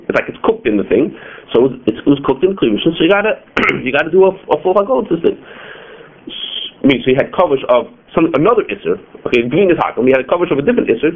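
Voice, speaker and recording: A man leads a class on religious law and talks at a brisk clip. He keeps checking in with "okay" and "you know" as he explains. The sound is thin and phone-like. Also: mid-range voice. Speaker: teacher leading a kosher-law class. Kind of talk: classroom lecture. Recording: tinny phone-like lo-fi recording.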